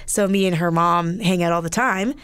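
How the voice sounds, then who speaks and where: A woman's voice: fairly low pitch, steady tone, normal speed, a bit bright. A middle-aged woman from Canada hosting a casual podcast chat, laughing often and poking fun at herself. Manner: giggly, self-deprecating, laughs often. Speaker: podcast host.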